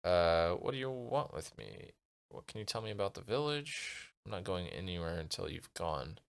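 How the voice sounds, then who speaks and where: A man's voice: sits low, expressive, moderate pace, gravelly, smooth. A male streamer reading a gamebook aloud and muttering asides to himself as he decides what to do. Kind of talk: casual narration while playing a gamebook.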